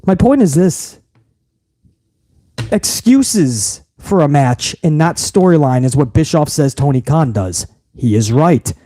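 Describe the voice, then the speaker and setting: A New York man who hosts a wrestling podcast goes on a casual rant packed with swearing and sarcasm. His voice is a little high and warm, animated but unhurried.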